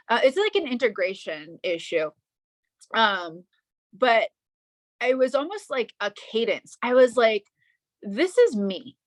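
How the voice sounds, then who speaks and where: A woman guest on a podcast, talking in an emotional, halting way with many restarts. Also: mid-range voice, no echo. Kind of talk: casual interview chat.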